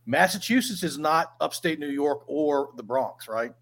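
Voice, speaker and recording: A man hosting a podcast interview, asking casual, halting questions. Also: on the high side, animated, a bit bright. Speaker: podcast host.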